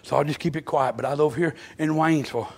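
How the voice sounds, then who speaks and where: A man preaching a fervent revival sermon in a church, moving between quiet storytelling and loud shouted exclamations. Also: on the high side, rapid-fire. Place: church sanctuary.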